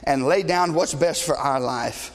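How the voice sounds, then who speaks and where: A middle-aged man preaching a sermon as pastor, blunt and passionate, shouting at times and joking with the congregation. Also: a little high, a little slow. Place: church sanctuary. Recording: long reverb of a large church hall.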